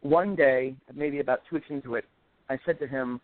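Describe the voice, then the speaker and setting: A man in his forties, a guest in a casual chat, telling stories with animated delivery and acting out quoted voices. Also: mid-range voice, moderate pace, dry recording. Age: 40s. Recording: tinny phone line.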